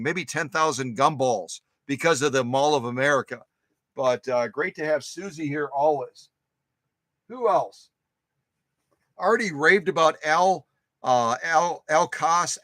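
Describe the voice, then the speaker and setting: A man's voice: on the high side, sharp tone, no echo. A man hosting a casual live stream, greeting viewers one by one in a rambling, upbeat way, full of repeats and filler uhs. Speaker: host of a vintage sewing machine live stream.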